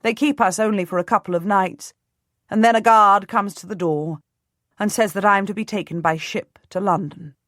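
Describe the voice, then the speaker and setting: A woman reading a first-person historical novel aloud as audiobook narrator, measured and commanding in delivery. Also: medium pitch, fairly even intonation, fairly bright tone, no echo, clean studio sound.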